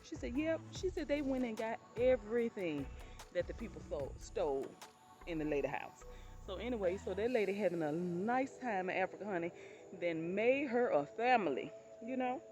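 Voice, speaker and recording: Over background music, a woman vlogger with a medium-pitched, expressive voice tells stories casually at a moderate pace. She's chatty, often calls listeners "honey," and acts out quoted exclamations with laughter.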